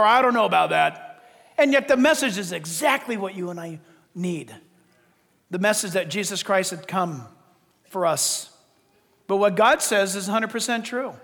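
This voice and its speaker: Male pastor, very high voice, impassioned sermon delivery, long church reverb. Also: fairly bright tone. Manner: preaching with rising, impassioned emphasis. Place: church sanctuary.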